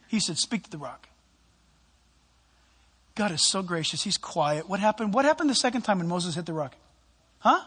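Male pastor sermon, lots of acted-out dialogue, husky, echoing hall. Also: sits high. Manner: animated storytelling, acting out voices and dialogue. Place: church sanctuary. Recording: long hall reverb.

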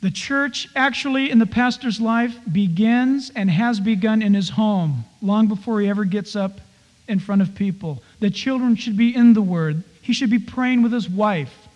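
A man with a strikingly high-pitched voice delivers a sermon as a pastor. He talks in a conversational, easygoing way, now and then acting out little scenes. His voice rings out with a long reverb, as if in a large hall. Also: moderate pace, dull audio. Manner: conversational preaching with playful acted-out asides.

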